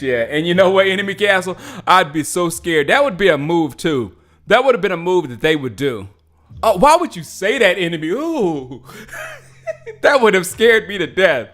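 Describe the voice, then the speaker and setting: A man hosting a casual sports livestream, excitable and laughing often as he comments on clips. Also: on the high side.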